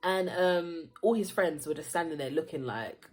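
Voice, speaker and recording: A young woman tells a casual storytime story in her vlog. She is animated, acts out the voices of the people in it and laughs often. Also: sits low, normal speed, faint music behind. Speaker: vlogger.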